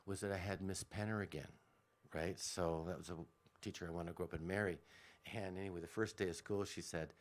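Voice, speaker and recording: A man's voice: low voice, fairly even intonation, fairly quick. A man telling a childhood story on the radio in a rambling way, often backtracking and interrupting himself.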